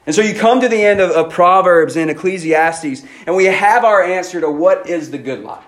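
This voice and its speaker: A man preaching a casual, conversational youth sermon, full of "like" and "man" and quick restarts. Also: on the high side, expressive. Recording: roomy echo, faint room noise.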